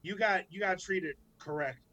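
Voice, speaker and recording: A man, probably in his thirties, co-hosting a podcast, telling stories in casual, profane, animated chat. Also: sits high, moderate pace, background noise. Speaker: podcast co-host.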